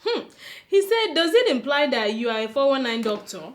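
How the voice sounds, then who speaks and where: Woman, Nigerian accent, comedy co-host, reads emails, amused asides, high voice, lively. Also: a little fast. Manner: chatty, amused, with dry asides. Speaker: co-host reading viewer emails. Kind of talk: reading emails aloud with banter.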